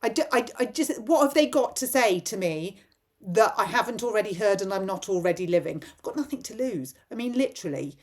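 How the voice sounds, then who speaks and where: A woman delivers a political rant straight to camera. She is impassioned and speaks in rapid-fire bursts, barely stopping for breath. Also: medium pitch, lively intonation. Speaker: political vlogger.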